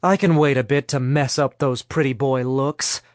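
A man's voice: medium pitch, fairly even intonation, moderate pace, dry recording, clean studio sound, close to an everyday voice. A man voicing a brash, fiery young woman fighter. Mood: taunting. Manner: yelling, brash and crude.

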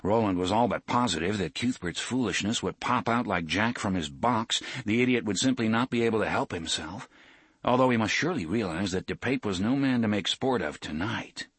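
Brief: male audiobook narrator, husky, expressive storytelling with animated pitch. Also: fairly quick, no echo. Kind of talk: scripted narration.

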